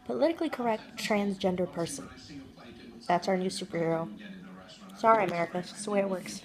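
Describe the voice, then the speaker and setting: A woman's voice: mid-range voice, brisk, crowd noise, rough recording. A woman vlogger musing aloud in a casual, jokey monologue, rambling and trailing off as she thinks.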